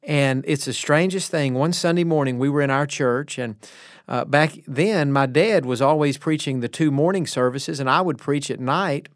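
A man's voice: fairly high pitch, moderate pace, dry recording. Man, pastor, middle-aged, earnest devotional storytelling, dry recording. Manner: earnest, encouraging, personal storytelling. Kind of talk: devotional radio message.

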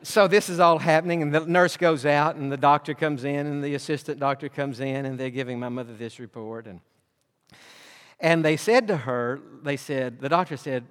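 Male pastor, sermon storyteller, earnest and animated, voices the dialogue, slightly high pitch, echoing sanctuary. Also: moderate pace, clean tone. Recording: long hall reverb.

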